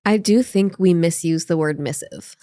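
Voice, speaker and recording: A woman's voice: lowish voice, moderate pace, warm tone, dry recording. A woman co-hosting a podcast in casual chat, making wry, dry asides. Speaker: podcast co-host.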